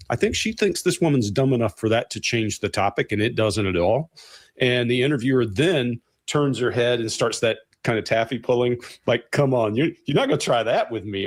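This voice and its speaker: Man calmly reading behavior, dry sound. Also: medium pitch, no room sound. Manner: steady, descriptive play-by-play of behavior. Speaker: behavioral analyst. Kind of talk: expert commentary on a clip.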